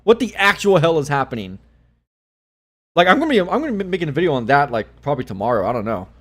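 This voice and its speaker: A young man hosting a casual live stream, excitable, swearing a lot and laughing often. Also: fairly high pitch, fast talker.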